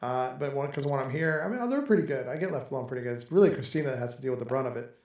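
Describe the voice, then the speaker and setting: A man's voice: medium pitch, expressive, rapid-fire, a little mellow, reverberant. A man hosting a casual chat among friends, talking in a loose, rambling way and laughing often. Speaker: podcast host. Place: home in Texas.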